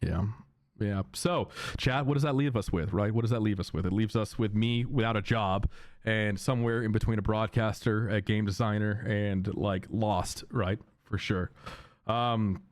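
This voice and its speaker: A man streaming to his viewers in a loose, rambling chat, often repeating himself and breaking into loud, high, excited laughter. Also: no echo, studio quality.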